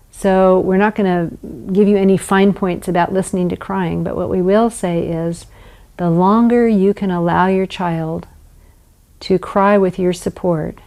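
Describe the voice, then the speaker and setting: Soft-spoken lady teaching parents, mellow warm tone. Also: on the low side. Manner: gentle, explanatory, acts out scenes. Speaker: parenting educator. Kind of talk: instructional talk.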